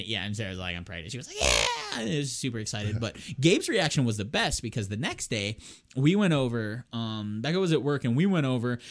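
A man chatting casually and telling a long story, often laughing and slipping into quick voices for his friends. His pitch sits mid-range and he talks loosely, with lots of fillers and restarts. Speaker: expecting father telling a story. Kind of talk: casual chat.

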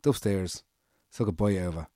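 In a relaxed storytelling chat, an Irish man rambles through an anecdote full of quoted dialogue and swearing, taking on other people's voices. He speaks fairly quickly in a warm, fairly low voice that sounds dry and close, with no echo.

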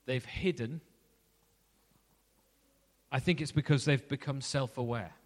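Conversational preacher in a hall. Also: male voice, medium pitch, measured pace. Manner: conversational, asks reflective questions. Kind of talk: sermon.

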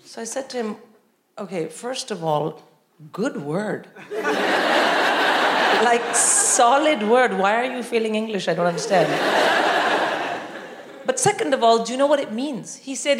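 A middle-aged woman from India, doing live stand-up comedy and acting out voices with bursts of shouting. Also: on the high side, a little slow, pauses often. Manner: animated storytelling, acts out voices, breaks into shouts. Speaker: comedian, co-host. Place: large live venue with audience. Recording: echoey hall, crowd laughter, noise. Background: audience laughter.

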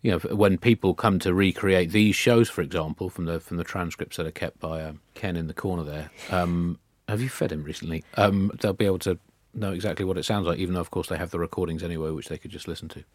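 A man guesting on a comedy news podcast, telling absurd made-up stories in a deadpan, rambling way. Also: sits low, quick pace, no room sound. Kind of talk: deadpan satirical comedy chat.

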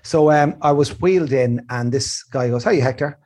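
A middle-aged Irish man hosting a chat show, telling an animated story, swearing freely and doing the other people's voices himself. His voice is husky. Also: mid-range voice, moderate pace. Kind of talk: casual chat.

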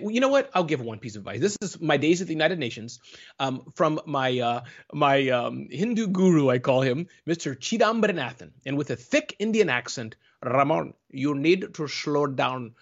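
Lively, playful man on a dull call. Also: a little high. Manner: playful, animated storyteller. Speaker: guest. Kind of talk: casual interview chat. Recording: dull lo-fi online call audio.

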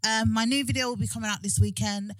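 A woman's voice: on the high side, steady tone, fast talker, no echo, studio quality. A young woman, co-hosting a podcast, teasing and chatty in casual talk. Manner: teasing, laughs often, short replies. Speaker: podcast co-host. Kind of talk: casual chat.

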